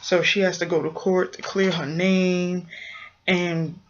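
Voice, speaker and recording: A woman's voice: fairly low pitch, level tone, takes it slowly. A woman giving a blunt, sassy, slang-heavy casual recap of a TV episode. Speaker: TV recap vlogger. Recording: muffled lo-fi recording.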